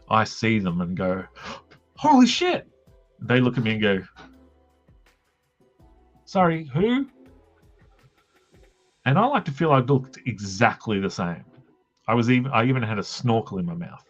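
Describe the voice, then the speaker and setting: A man's voice: fairly low pitch, a bit bright, dull audio. A man with an Australian accent, telling a rambling, jokey story with crude asides while drawing on a stream. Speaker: comic artist streaming.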